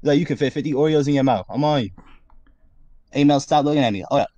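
A man's voice: mid-range voice, fast, mellow, no echo, dull audio. A young man roasting an opponent with short teasing jabs. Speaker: roast contestant. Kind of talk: taunting roast.

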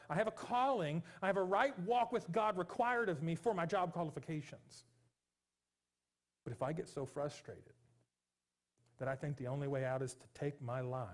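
A pastor in his forties preaches to his congregation in a church, his voice sitting a little high for a man. He pleads earnestly and sometimes breaks into animated, joking stretches. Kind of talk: sermon. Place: church sanctuary.

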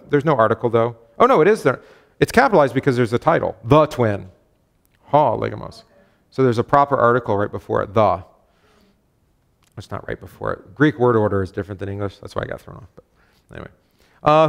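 A man's voice: mid-range voice, gravelly. A man, a pastor, leading a casual Bible study, chatty and self-correcting, reading scripture aloud with emphasis.

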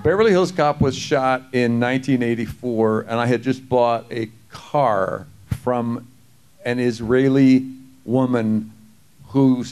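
A man telling lively stories at a convention panel, quick to act out other people's voices and to laugh. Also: medium pitch, clean tone. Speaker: actor panelist.

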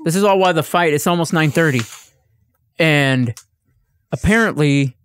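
A man's voice: on the high side, moderate pace, fairly bright tone, smooth. A man on a casual podcast, ranting and swearing as he tells a story and acts out exchanges in a raised voice. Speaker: podcast co-host. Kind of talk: casual chat.

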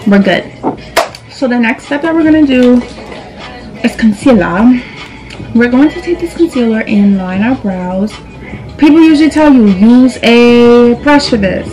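A woman's voice: a little high, darkish tone, low-quality recording. A young woman from New York chatting casually through a makeup tutorial, sassy and direct, calling viewers girl and boo. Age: young adult. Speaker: beauty vlogger. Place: indoors at a vanity.

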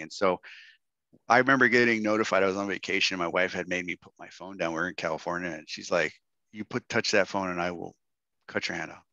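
A man's voice: lowish voice, sharp tone, no echo, dull audio. A middle-aged man from Texas, telling a story to a workshop audience and acting out the quotes in raised voices. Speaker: guest speaker.

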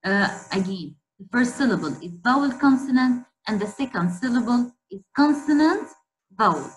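A woman's voice: fairly high pitch, lively intonation, moderate pace, rough recording. A woman teacher leading an online spelling lesson for girls, repeating each word and quizzing the class.

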